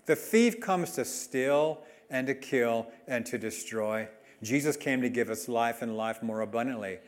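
A man preaching a sermon as a pastor, emphatic, swinging between loud and soft delivery. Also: mid-range voice, unhurried.

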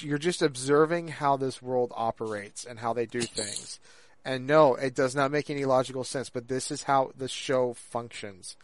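A man co-hosting a podcast in casual chat, rambling and halting with lots of fillers and restarts. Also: medium pitch. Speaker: podcast co-host.

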